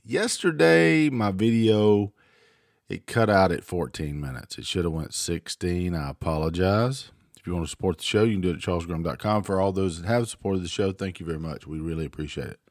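A man's voice: low voice, no room sound, clean studio sound. Ranting, swearing male show host. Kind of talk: political commentary monologue. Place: home.

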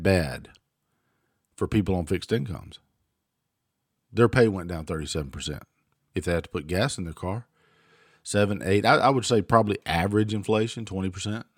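A man with a fairly low voice hosts his own show, ranting and cursing freely. The sound is dry and close, with no room echo. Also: expressive, moderate pace, long pauses. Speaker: show host. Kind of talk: political commentary monologue. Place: home.

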